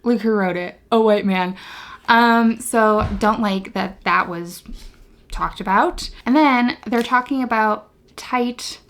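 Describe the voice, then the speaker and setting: A woman's voice: on the high side, slow, a bit bright. A woman, reviewing a book in casual vlog chat, sarcastic and exasperated, laughing as she rants. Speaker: book vlogger.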